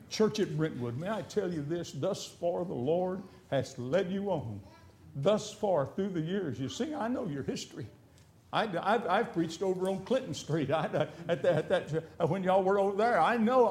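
Man, middle-aged pastor, high-pitched, folksy and repetitive sermon delivery. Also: darkish tone. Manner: folksy, repeats words, slows for emphasis, reads scripture in old English.

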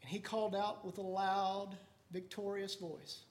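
A man preaching a sermon with fervor, swinging from hushed, low passages to loud, soaring ones. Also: level tone, a little slow. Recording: echoey room.

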